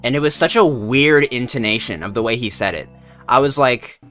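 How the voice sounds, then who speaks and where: A man's voice: medium pitch, normal speed, fairly bright tone, soft background music. A man chatting casually as a streamer in his room, laughing often and swearing freely while telling a story.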